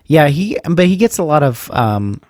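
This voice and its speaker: A man's voice: fairly high pitch, sing-song, moderate pace, a little mellow, no room sound, studio quality. A man co-hosting a podcast, chatting casually and agreeably about a movie. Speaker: podcast co-host.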